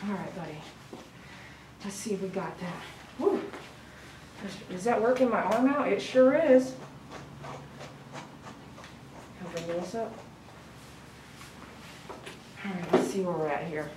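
A woman dog groomer giving casual running commentary while she works, chatty and softly cooing to the dog. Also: lowish voice, animated, measured pace, long pauses, background noise. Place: grooming salon. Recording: echoey room, mic at a distance.

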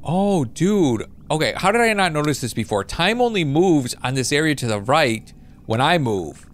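A young man commentating his own gameplay, excitable and chatty with his viewers. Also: a little high, normal speed, a little hiss or hum. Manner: excitable, talks to viewers while playing. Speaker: gaming YouTuber. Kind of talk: let's play commentary.

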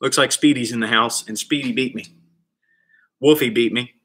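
A man's voice: mid-range voice, moderate pace, husky. A man leading a live online kids' PE class, cheering kids on and counting reps with playful energy. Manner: shouts with excitement during exercises. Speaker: kids PE coach.

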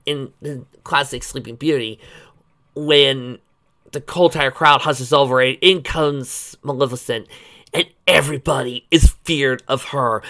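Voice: mid-range voice, fairly bright tone. Brief: casual storyteller reading aloud, breaking off for eager commentary. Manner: chatty, enthusiastic asides. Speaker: fan-fiction reader.

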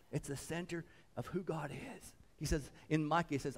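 Fervent preaching pastor, loud to hushed. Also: male voice, fairly high pitch, steady tone, normal speed. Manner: swings between loud fervent preaching and hushed reverent tones; repeats and restarts phrases, calls "come on". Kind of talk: sermon.

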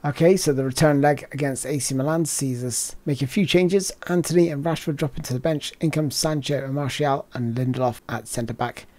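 A man commentating on his own football video game match, switching between hushed despair and shouted celebration. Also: mid-range voice, a little fast, few pauses. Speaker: gaming commentator. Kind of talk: excited gameplay commentary.

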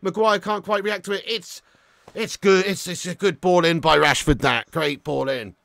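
High bright-voiced football fan. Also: male voice, normal speed, vocal fry, dry recording. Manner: excitable, swearing, laughing fan. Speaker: football watch-along host. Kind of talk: live fan commentary.

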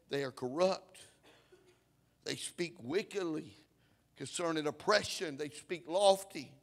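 A pastor with a high voice preaches a sermon, moving between quiet reading and shouted, half-sung lines, and he punctuates his phrases with "uh" and "huh."

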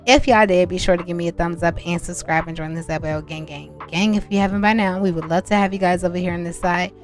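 A young woman hosts a casual game let's-play, speaking. She chats warmly with her viewers and often gets excited as she goes. Faint music plays softly behind her voice. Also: lowish voice, quick pace. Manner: chatty, excitable, talks to viewers as y'all. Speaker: gaming channel host.

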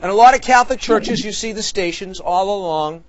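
A man, a priest, hosting a children's quiz show in a TV studio, jokey and animated, sometimes shouting with excitement. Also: high-pitched, brisk. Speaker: priest and game show host. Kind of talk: lively game show hosting. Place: TV studio with audience. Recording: dull lo-fi studio sound.

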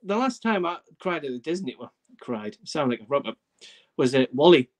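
A man's voice: on the high side, sing-song, moderate pace. A middle-aged man hosting a casual live-stream chat, telling stories in a chatty, self-mocking way. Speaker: host.

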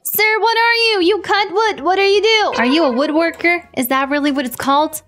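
A woman's voice: extremely high pitch, normal speed, a little hiss or hum. A woman whose first language is Dutch, playing a guessing game on camera and cheering at her answers. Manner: excitable, gasping and cheering, talks to the screen. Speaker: gaming YouTuber.

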